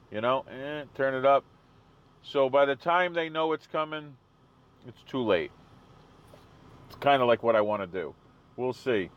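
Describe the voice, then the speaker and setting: A man's voice: medium pitch, dry recording, muffled recording. A man hosting a live stream, chatting casually with viewers and answering their comments. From New England.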